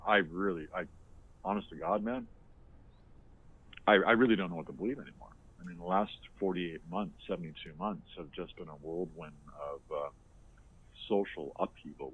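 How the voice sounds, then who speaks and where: A low, slightly rough-voiced man co-hosts a podcast, chatting casually and with strong opinions. He rambles with many fillers and restarts, and sounds tinny, as if over a phone line.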